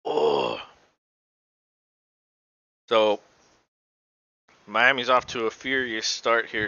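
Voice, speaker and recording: A man's voice: fairly low pitch, lively intonation, drawn-out words, long pauses, pushed and bright, smooth, dry recording, muffled recording. A man casually calling live basketball play-by-play for a podcast, rambling and swearing with lots of fillers. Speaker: podcast co-host.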